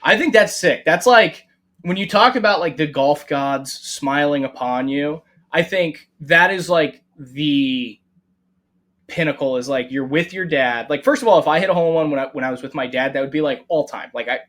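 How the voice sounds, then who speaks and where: A man's voice: a little high, moderate pace. A man co-hosting a golf podcast, telling stories in casual chat and swearing freely. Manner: animated storyteller, swears freely. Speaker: podcast co-host.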